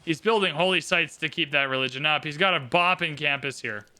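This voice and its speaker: A man commentating a live game stream, excitable and theatrical, swinging from shouts to mumbled asides. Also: fairly high pitch, brisk, smooth. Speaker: livestream host commentating an AI game tournament.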